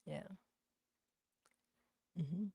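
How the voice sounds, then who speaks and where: A woman's voice: very slow, warm tone, no echo, clean studio sound. A woman from New Bedford with a Boston accent, a livestream host chatting casually and bluntly with viewers, swearing and gossiping as she reads comments. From New Bedford, Massachusetts.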